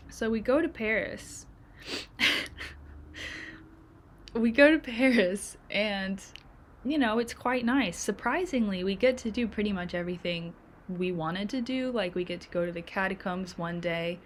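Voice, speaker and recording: A woman's voice: mid-range voice, measured pace, a little hiss or hum. A young American woman telling stories in casual chat as a streamer, chatty and acting out quoted voices. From United States.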